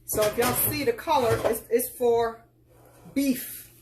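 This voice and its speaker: A woman's voice: a little high, unhurried, background noise. Folksy woman teaching a live cooking lesson. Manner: folksy, instructive, calls viewers child and girl. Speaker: cooking tutorial host. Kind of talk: casual live cooking demonstration.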